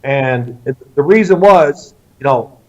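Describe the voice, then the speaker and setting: Speaking slowly in a mid-range voice, this middle-aged Louisville, Kentucky native shares animated family stories during an interview, voicing the quoted lines of each person. The audio is lo-fi, dull and a little distant.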